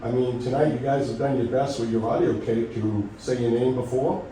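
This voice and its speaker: A man's voice: mid-range voice, brisk, dark tone, far from the mic, a little hiss or hum. Insistent middle-aged man, echoey meeting room. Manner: insistent, argumentative, lecturing. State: losing his voice. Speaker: resident speaking at public comment. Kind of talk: public meeting remarks.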